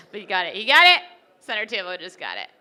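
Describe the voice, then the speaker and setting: A young woman doing an animated, chatty stand-up comedy set at a wedding reception, acting out little characters. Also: mid-range voice.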